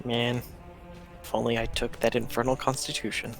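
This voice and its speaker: A man's voice: medium pitch, flat delivery, moderate pace, music in the background. A man playing in a tabletop game, making jokes and laughing at them. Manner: jokey, laughs at his own jokes. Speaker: player. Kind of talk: casual tabletop game chat.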